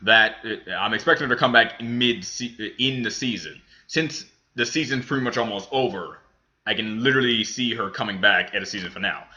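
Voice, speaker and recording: A man's voice: on the low side, brisk, pushed and bright, muffled recording. A man hosting a reaction video, reviewing a cartoon episode in a rambling, casual way with many restarts. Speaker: reaction channel host.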